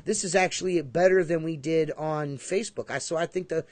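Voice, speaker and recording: High-voiced, profane podcast host. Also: male voice, brisk, a little mellow, no echo. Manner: profane, rambling, emphatic. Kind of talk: casual livestream chat.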